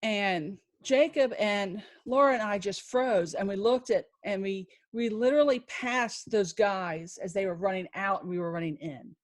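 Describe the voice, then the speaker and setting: A woman appearing as a podcast guest tells a personal story in a mid-range voice, her delivery emotional and halting, with many restarts and a faith-filled tone.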